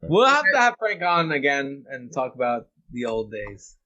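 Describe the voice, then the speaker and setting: A man's voice: mid-range voice, sing-song, normal speed, sharp tone, dull audio. A man co-hosting a podcast over a video call, joking loosely and swearing among friends. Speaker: podcast co-host. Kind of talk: casual chat.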